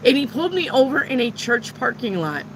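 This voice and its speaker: A woman's voice: sits high, very animated, moderate pace, background noise. A middle-aged woman who reads tarot, telling a personal story in a casual, rambling way and swearing freely. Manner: frank and profane, rambling retelling. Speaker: tarot reader.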